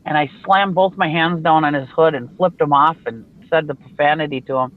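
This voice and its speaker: A woman from Minnesota, a regular on a live show, chats casually on an online video call, a blunt storyteller who laughs often. Her low voice is fairly quick with fairly even intonation, and the audio sounds narrow and tinny.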